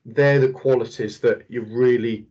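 A man hosting a casual football podcast who talks with eager excitement and many fillers. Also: mid-range voice, highs cut off. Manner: enthusiastic, fast, filler-heavy analysis. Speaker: podcast host.

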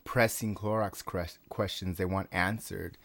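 A man's voice: low-pitched, steady tone, a little slow, vocal fry, a bit bright, no echo. A man co-hosting a comedy show with wry, sarcastic remarks. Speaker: co-host. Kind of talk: casual comedy chat.

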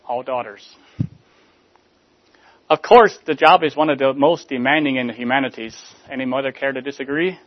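Man preaching a sermon, medium pitch, slightly muffled, measured and rhetorical. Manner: measured, rhetorical, drops soft at line ends.

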